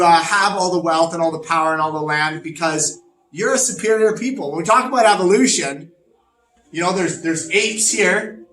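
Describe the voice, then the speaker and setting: A man's voice: high voice, a bit bright, far from the mic. A man playing a smug, pompous fascist named Hans. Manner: smug, self-important lecturing. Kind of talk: comedic educational role-play. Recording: roomy echo, off-mic, faint music.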